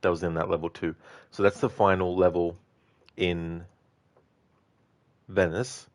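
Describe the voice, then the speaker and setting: A man's voice: low voice, little pitch movement, unhurried, no echo. A man streaming a game, chatting casually with viewers, with frequent fillers and easy laughs. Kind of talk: casual chat reading viewer messages.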